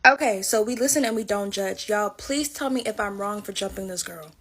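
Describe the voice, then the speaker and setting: A woman telling a casual storytime to camera in slangy, lively speech. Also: mid-range voice, fairly quick, breathy edge.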